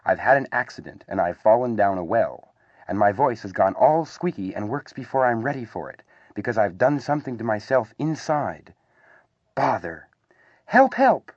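A man voicing a gentle, muddled young male teddy bear who muses earnestly and bemusedly. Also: fairly low pitch, big pitch swings, normal speed, dry recording. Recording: slightly dull, dry recording.

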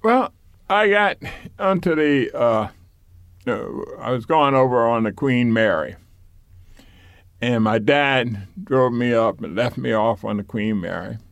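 A man's voice: mid-range voice, a little slow, gravelly, no room sound. Older man reminiscing, rambling. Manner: rambling, repeats words, chuckles. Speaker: interviewee. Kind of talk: oral history interview, reminiscing.

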